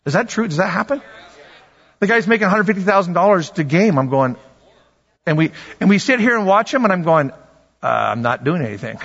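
A man preaching a sermon in a lively, conversational way, repeating words for emphasis and bantering with the congregation. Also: high-pitched, a little fast. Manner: animated, conversational preaching with repetitions and asides to the congregation. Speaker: pastor. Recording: dull sound with long hall reverb.

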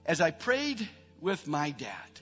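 A middle-aged male pastor preaching in a church, his fairly high voice ringing out with a long hall reverb. The sound is a bit dull and muffled, with faint music underneath. He climbs to emphatic peaks, then sinks into quiet, tender prayer. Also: huge pitch swings, slow pace, breathy edge. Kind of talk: sermon.

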